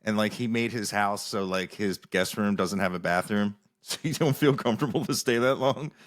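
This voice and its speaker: A man hosting a podcast in easygoing casual chat, halting and searching for his words. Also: lowish voice. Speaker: podcast host.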